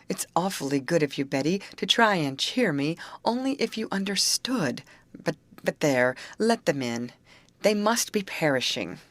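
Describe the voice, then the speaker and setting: A tearful, faltering teenage girl, as a woman puts her on in a storybook, halting over her words. The reading voice is low for a woman and recorded dry and close. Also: sing-song, no echo.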